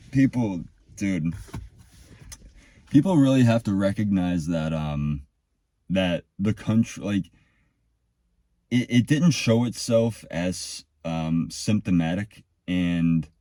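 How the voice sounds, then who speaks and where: A man's voice: on the low side, dark tone, no room sound. A man in his thirties talking in a rambling, profane monologue, often restarting his sentences. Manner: rambling, profane, self-interrupting. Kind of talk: casual monologue.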